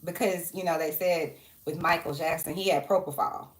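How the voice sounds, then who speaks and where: A woman's voice: low-pitched, steady tone, moderate pace, roomy sound. A woman chatting casually on her vlog in a rambling way, jumping between side stories. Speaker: social worker and vlogger. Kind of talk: casual chat.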